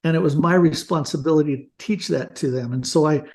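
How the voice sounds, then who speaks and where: An older man speaks as a guest in a relaxed interview, earnest and reflective. His voice sits a little high for a man but sounds soft and mellow. He restarts a phrase now and then as he recalls things. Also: fast. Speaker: guest author. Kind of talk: casual interview talk.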